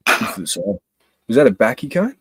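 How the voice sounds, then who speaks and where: A man's voice: lowish voice, very animated, fairly quick, a bit bright, husky, no echo. A young Australian man chatting on a live stream, laid-back and sweary, laughing a lot. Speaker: livestream host. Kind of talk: casual live-stream chat.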